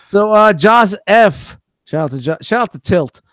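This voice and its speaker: A man's voice: high-pitched, animated, a little slow, fairly bright tone, no echo, studio quality. A man hosting a casual podcast, joking, swearing freely and reading out viewer questions. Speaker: podcast host.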